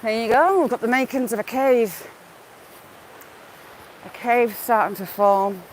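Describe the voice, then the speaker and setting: Strolling outdoors beside a wooded river, a woman with a voice on the high side talks at a measured pace, chatting casually with her live-stream audience and naming viewers as she greets them. Faint outdoor noise runs under the low-quality recording.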